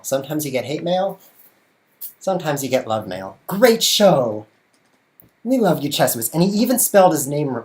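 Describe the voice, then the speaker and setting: A chess streamer and show host livestreams casually from his bedroom at home, his mid-range voice a little mellow. He's jokey and playful, talking through what he does as he juggles.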